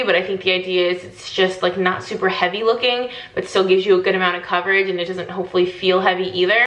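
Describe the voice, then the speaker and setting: A young woman with a slight Southern US accent chats through a makeup vlog, her voice still rough with morning. She talks easily, full of "like" fillers. The bathroom around her gives the sound an echoey ring. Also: medium pitch, fairly bright tone. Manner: chatty, many "like" fillers, laughs often. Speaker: beauty vlogger. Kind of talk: casual chat. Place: bathroom at home.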